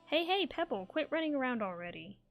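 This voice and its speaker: Girl reading a chirpy little sidekick, upbeat, pitch pops up here and there. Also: sing-song, brisk, creaky, soft background music, full character voice. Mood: cheerful. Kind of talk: reading game dialogue aloud.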